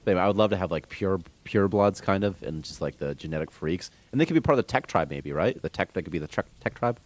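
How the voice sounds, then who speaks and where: A man's voice: deep voice, lively intonation, fast. A man streaming game development, rambling casually with strong opinions and reading chat comments aloud. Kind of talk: casual rant on a live stream.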